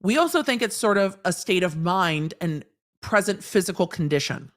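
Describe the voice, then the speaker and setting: A woman lawyer hosts a live commentary show with a slightly low-pitched voice. She reads court transcripts aloud and stops to explain them in a blunt, sarcastic, teacherly way. She uses everyday examples and swears casually. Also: expressive, moderate pace.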